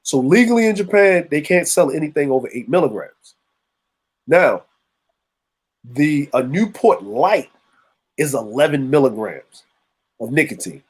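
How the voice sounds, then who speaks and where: A man's voice: fairly high pitch, big pitch swings, unhurried, long pauses, husky. A man in casual podcast chat, telling stories and acting out the people in them. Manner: storytelling, acts out voices of people he describes. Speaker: podcast co-host.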